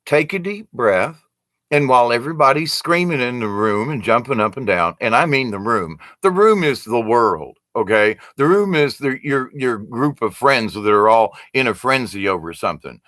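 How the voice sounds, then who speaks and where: A man's voice: medium pitch, expressive, normal speed, sharp tone, no echo. A man in a casual opinion monologue, talking in a rambling, wry way with frequent restarts. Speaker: vlogger.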